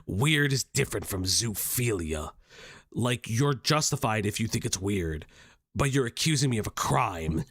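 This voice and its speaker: A man's voice: on the low side, expressive, a little slow, fairly bright tone, slightly rough, no echo, studio quality. A man reacting to a video on a commentary stream, exasperated, swearing and laughing often.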